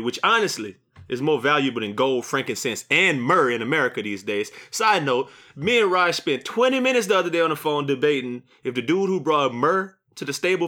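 A young man hosts a casual podcast, jumping between banter and a read commentary segment. His voice sits a little high and sounds bright and forward. He talks in a jokey, animated way. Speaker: podcast host. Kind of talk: casual podcast chat and scripted monologue.

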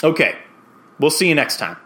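A man hosting a podcast in a casual, rambling monologue, hesitant and full of ums and uhs, with an earnest deadpan tone. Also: on the high side, normal speed. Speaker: podcast host.

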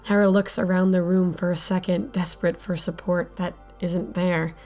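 A woman's voice: lowish voice, flat delivery, moderate pace, few pauses, a little mellow, faint music behind. A woman narrating an audio drama in the first person, sardonic and blunt, swearing freely. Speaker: narrator and lead character.

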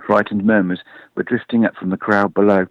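A man reads a storybook aloud in a lively, expressive way. His voice sits low and dry, with a dull lo-fi radio sound. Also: fairly quick, dry recording. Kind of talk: storybook reading.

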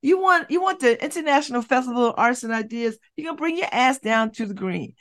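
A woman's voice: fairly high pitch, lively intonation, fast. A woman hosting a community radio show, talking bluntly and preachily with rhetorical questions. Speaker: radio host. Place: radio studio.

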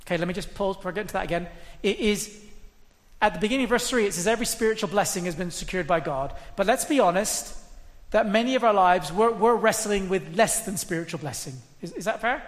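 A woman's voice: medium pitch, lively intonation, fast. A woman preaching a sermon in an earnest, conversational way, repeating her points for emphasis. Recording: long hall reverb.

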